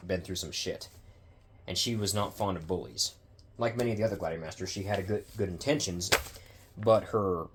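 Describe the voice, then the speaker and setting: A man reading his own fan story aloud, in a halting way with many restarts and self-corrections. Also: low voice, slight background noise. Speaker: fan fiction narrator.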